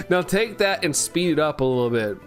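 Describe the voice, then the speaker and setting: A young man streaming, chatting casually and playfully, rambling, tripping over words and laughing at himself. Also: a little high. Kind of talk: casual live-stream chat.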